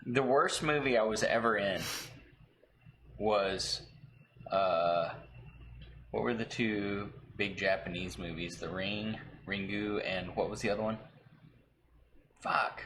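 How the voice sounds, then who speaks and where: A man co-hosting a casual movie chat, profane and animated when he tells stories. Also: fairly low pitch, slow, pauses often, a little hiss or hum. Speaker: podcast co-host.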